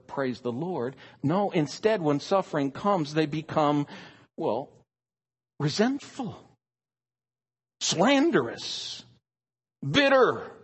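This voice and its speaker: A male preacher delivering a sermon at an unhurried pace, his voice husky and slightly raised in pitch. He leans hard on single words and swings his intonation widely. The sound carries a long reverb, as in a large hall. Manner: emphatic, stresses single words.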